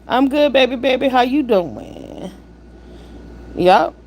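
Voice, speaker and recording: A woman runs a live stream and speaks in a voice pitched a little high. She is blunt and profane, preaching at her viewers with rhetorical questions and breaking off to greet people in the chat. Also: lively intonation, slow pace, darkish tone, slight background noise. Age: 50s. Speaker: livestream host. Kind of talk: live-stream commentary with chat shout-outs.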